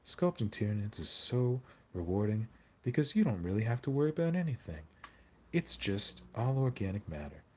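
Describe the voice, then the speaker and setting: A man doing a parody impression of a calm, soft-spoken male hobby streamer with a slow, soothing voice. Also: on the low side, breathy edge. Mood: mock cheerful. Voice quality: slow, soothing, mock-dulcet.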